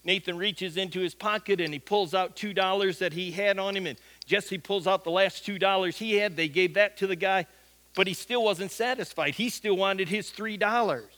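A man's voice: sits high, moderate pace, a bit bright. A middle-aged man, a pastor, telling a folksy anecdote during a sermon. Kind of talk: sermon storytelling.

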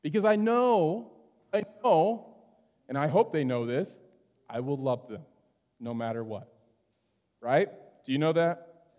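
A middle-aged man preaching a sermon in a church sanctuary, telling stories in a relaxed, conversational way and often checking in with "right?". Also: on the high side, a little slow, long pauses. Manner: conversational, storytelling, keeps asking "right?". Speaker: pastor. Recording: long hall reverb.

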